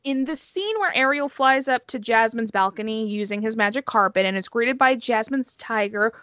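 A woman's voice: fairly high pitch, normal speed, fairly bright tone, no echo, clean studio sound. A woman co-hosting a podcast in casual chat, chatty and giggly, with some swearing. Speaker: podcast co-host.

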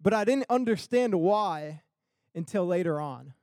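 A young man with a fairly high voice tells a story to a crowd in the style of a sermon. He laughs a lot and acts out the people he quotes. His voice is recorded close and dry. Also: animated, a little slow, a little mellow, no room sound.

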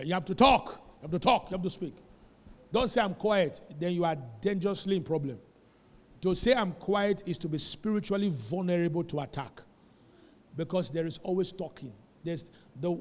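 Male pastor, high register, animated sermon with call-and-repeat, long hall reverb. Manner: animated preaching, calls the congregation to repeat after him. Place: church sanctuary.

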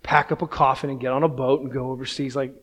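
A man's voice: mid-range voice, flat delivery, fast, fairly bright tone. A man in his thirties, a pastor, preaching a sermon in a casual, self-deprecating storytelling way, often checking in with "right?".

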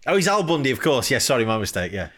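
A man's voice: medium pitch, sing-song, rapid-fire, noisy background. A man co-hosting a podcast in casual chat, telling self-mocking stories. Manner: self-mocking, chatty storyteller. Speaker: podcast co-host. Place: home in Britain during a hailstorm.

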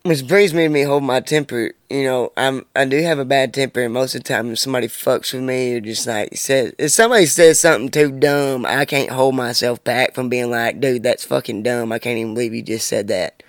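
A man's voice: medium pitch, fairly even intonation, brisk, few pauses, no room sound, clean studio sound. A man in his twenties talking alone on his podcast, blunt and heavy on profanity, ranting about his life. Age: 20s. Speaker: podcast host. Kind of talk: casual monologue.

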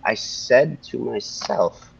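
A man guest in an interview, telling a personal story in an animated way and repeating phrases for emphasis. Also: medium pitch, slow pace, vocal fry, husky. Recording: dull lo-fi audio.

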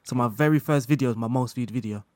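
A man speaking as a guest in a casual interview chat, relaxed, laughing often and talking in loose run-on sentences full of fillers. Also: medium pitch, quick pace, no echo, studio quality. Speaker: guest content creator.

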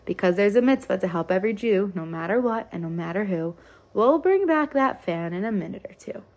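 A woman's voice: mid-range voice, lively intonation, a little fast, a little mellow, natural voice. A woman voicing a lazy, reluctant older boy who grumbles about the heat. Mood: helpful. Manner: reluctant, whiny.

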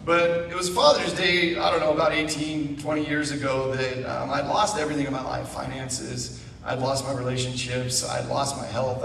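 A middle-aged man telling his testimony as a guest speaker at church, animated with asides. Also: mid-range voice, creaky, slight background noise. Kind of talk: personal testimony. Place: church sanctuary. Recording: echoey room, mic far off.

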